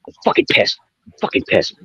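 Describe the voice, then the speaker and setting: A man who calls in to a live stream and shouts a profane, rambling rant from outdoors. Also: a little fast, a crowd in the background. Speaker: caller joining a live stream. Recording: lo-fi, muffled call audio.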